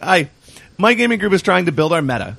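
A man's voice: sits high, sing-song, brisk, creaky, fairly bright tone, breathy edge, dry recording. A man co-hosting a podcast who reads a listener's email aloud, laughing at the banter. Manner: amused, laughing. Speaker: podcast co-host. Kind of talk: casual podcast chat, reading a listener email.

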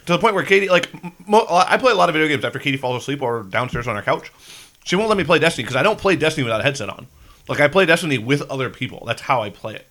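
A man's voice: a little high, expressive, very fast, bright, forceful tone. A man hosting a casual podcast chat about games, joking and chatty. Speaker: podcast host.

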